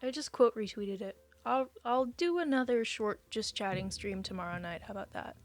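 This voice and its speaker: A young woman streaming live, chatting casually with viewers and reading their messages, emotional and quick to say she will cry. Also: mid-range voice, dry recording, soft background music.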